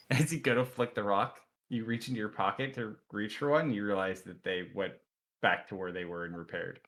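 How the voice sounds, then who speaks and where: A man running a tabletop game as dungeon master, describing scenes in a loose, relaxed way. His voice is bright and a little low. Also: a little fast.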